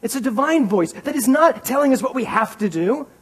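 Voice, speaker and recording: A man giving a conversational sermon as a minister in a church, animated and wry, talking straight to his congregation. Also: very high voice, fairly quick, slightly rough, low-quality recording.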